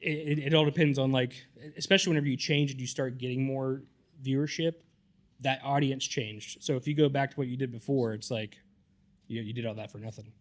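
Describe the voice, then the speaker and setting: A man's voice: mid-range voice, steady tone, brisk. Southern-raised man, panelist, loose rambling answer. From southern United States. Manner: rambling, repeats words at starts.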